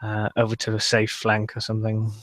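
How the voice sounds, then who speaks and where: A man's voice: lowish voice, monotone, brisk, fairly bright tone, slight background noise. A man playing a tabletop game, talking casually as he thinks aloud. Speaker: player.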